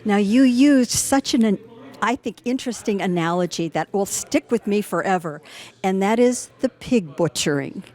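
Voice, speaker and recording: A woman's voice: mid-range voice, lively intonation, moderate pace, a little mellow. A woman interviewing a guest in an earnest, conversational way. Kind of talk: interview questions.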